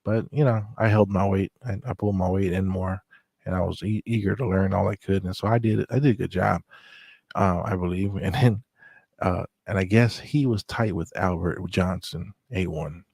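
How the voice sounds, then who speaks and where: A man with a low, gravelly voice tells stories from his own life in a relaxed, meandering way. He often trails into fillers and restarts his sentences. The sound is dry and close, with no room around it. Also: moderate pace, dry recording. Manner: laid-back and rambling, with many fillers and restarts. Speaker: storyteller recounting memories. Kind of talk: casual spoken storytelling.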